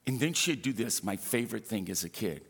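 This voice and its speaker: Preaching in a reverberant hall, a male pastor tells funny stories and makes asides to the congregation in an animated, humorous way. His voice is lowish and brisk, with a breathy edge.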